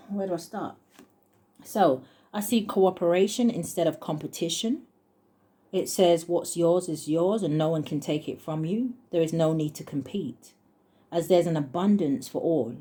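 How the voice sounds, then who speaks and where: A woman with a slightly low, mellow voice talks through a tarot spread. She muses aloud, chuckles often and reads card texts slowly. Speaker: tarot reader. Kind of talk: casual tarot reading, thinking aloud.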